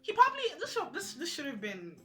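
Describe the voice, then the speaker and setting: Young woman vlogger, bright and a bit high, animated storyteller who acts out the dialogue. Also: fast talker, faint music behind. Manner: animated, acts out other people's lines in quotes. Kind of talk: casual storytelling to camera.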